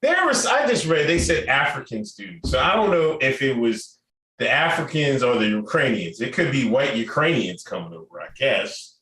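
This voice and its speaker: Bright and forceful, this man's medium-pitched voice swings widely in pitch as he co-hosts a podcast at normal speed. He chats loosely and profanely, laughing often, in an echoey room with faint noise.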